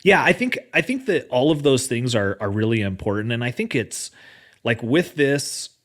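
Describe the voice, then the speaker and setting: A man's voice: mid-range voice, sing-song, normal speed, a bit bright. A man talking as a podcast guest, casual and reflective, often circling back and restarting his thoughts. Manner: reflective, many fillers and restarts, laughs lightly. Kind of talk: casual conversation.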